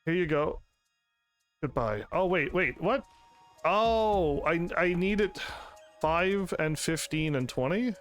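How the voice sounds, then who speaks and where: Man, gaming streamer, lively chatter, reads game narration aloud. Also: on the high side, slow, long pauses, soft background music. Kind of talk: casual game commentary.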